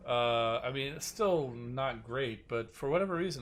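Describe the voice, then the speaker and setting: A man's voice: medium pitch, lively intonation, moderate pace, hardly any pauses, slight background noise. A man hosting a game live stream, chatting casually and rambling, often restarting his sentences and answering viewers. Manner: rambling, with many restarts and asides to chat.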